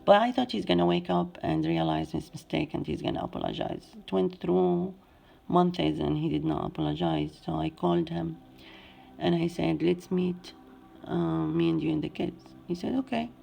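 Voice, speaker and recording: A woman in her forties with an Arabic accent, a native Arabic speaker, telling her own story in plain, halting English. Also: fairly low pitch, expressive, gravelly, dark tone. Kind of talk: personal testimony.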